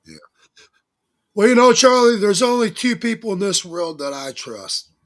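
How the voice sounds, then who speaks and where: A man's voice: high-pitched, animated, normal speed, a bit bright. A man talking as a guest on a talk show, telling stories in a folksy, emphatic way with religious turns of phrase. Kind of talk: casual talk-show interview.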